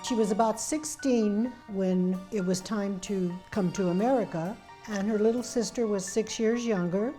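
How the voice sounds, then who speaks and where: An older woman and memoir author telling her family's story in an animated way, acting out the people she quotes. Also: mid-range voice, moderate pace, few pauses, soft background music. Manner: animated, acts out quoted voices. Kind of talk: personal storytelling.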